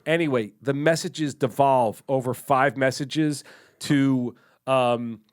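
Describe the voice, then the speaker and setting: A man co-hosting a podcast, telling a long story in casual chat, animated, laughing and swearing now and then. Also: medium pitch, slow, smooth. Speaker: podcast co-host.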